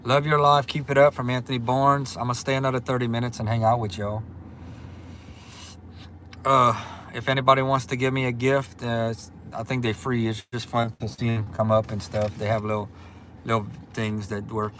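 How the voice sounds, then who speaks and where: Guy running his own livestream, chatty and upbeat, mid-pitched voice, faint hum behind him. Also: level tone, moderate pace, a bit bright. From Louisiana. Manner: upbeat, chatty, greets viewers by name. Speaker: livestream host. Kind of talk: casual livestream chat reading viewer comments.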